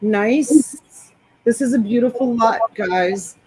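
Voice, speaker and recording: A woman's voice: fairly high pitch, slow pace, darkish tone, husky, rough recording. A woman hosting a live selling stream, chatting enthusiastically as she describes each clothing item. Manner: enthusiastic, rambling product descriptions. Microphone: desktop USB microphone.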